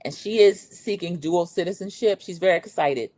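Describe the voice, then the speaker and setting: This Gen X host, a woman in her 40s to 50s, recaps reality TV in a casual, opinionated way, keen to give her own take. She speaks at a moderate pace in a lowish, slightly mellow voice, raising it when she acts out quotes.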